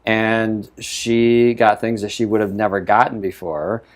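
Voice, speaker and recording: A man's voice: lowish voice, steady tone, measured pace. A man co-hosting a casual talk show, telling a reflective personal story and acting out the quoted dialogue. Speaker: show co-host. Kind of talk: casual conversation.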